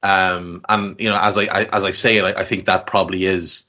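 A man co-hosting a podcast, talking through a film in casual chat, measured and thinking aloud with repeated words. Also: deep voice, little pitch movement, sharp tone, lo-fi sound. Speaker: podcast co-host.

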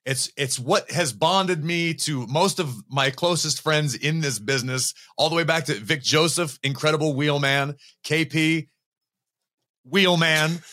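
A man's voice: on the high side, sharp tone. A man hosting a wrestling podcast, chatting casually and teasing his co-host. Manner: teasing, quick banter.

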